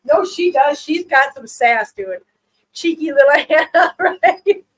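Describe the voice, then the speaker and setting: High-voiced woman chatting on a live stream. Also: expressive, takes it slowly, poor audio. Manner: chatty, laughs often, coos baby talk at cats. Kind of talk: casual live-stream chat with viewers and pets.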